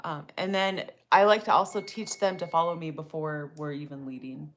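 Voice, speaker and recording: A middle-aged woman co-hosting a casual live talk about donkey training, chatty and quick to laugh. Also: deep voice, steady tone. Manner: warm, chatty, laughs often.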